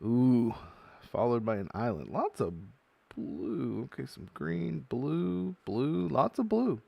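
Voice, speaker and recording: A man with an unhurried, drawn-out delivery chats his way through a box of trading card packs. He reads card text aloud and breaks into loud excitement over good pulls. The voice sits close and dry, with little room sound. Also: mid-range voice, gravelly, no echo, dull audio. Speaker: card-opening video host. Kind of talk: casual unboxing commentary.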